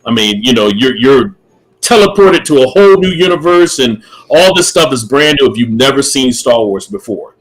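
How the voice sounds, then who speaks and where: A man's voice: mid-range voice, animated, normal speed, poor audio. A middle-aged man co-hosting a casual podcast chat, opinionated, repeating himself and laughing often. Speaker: podcast co-host.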